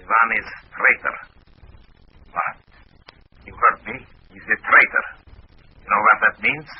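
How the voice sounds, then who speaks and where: A man's voice: on the low side, steady tone, a little slow, slightly rough, voice pushed up. An actor playing a man who puts on a fake Russian accent and clipped broken English to pose as a stern commissar, in 1950s radio acting. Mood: commanding. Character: Harry putting on a bossy Russian commissar act. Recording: muffled old radio broadcast with hiss.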